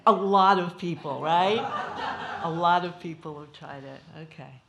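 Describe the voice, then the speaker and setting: A woman's voice: fairly low pitch, unhurried, creaky, a crowd in the background. A woman speaking at a memorial tribute, playfully coaxing the audience to join in and laughing often. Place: small performance venue. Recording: echoey room with loud background noise.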